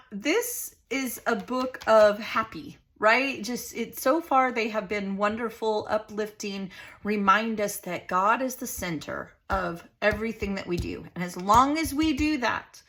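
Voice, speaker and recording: A woman's voice: medium pitch, fairly bright tone. A middle-aged woman hosting a craft channel, chatting in a rambling, heartfelt way while she works on a journaling page. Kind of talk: casual chat while crafting.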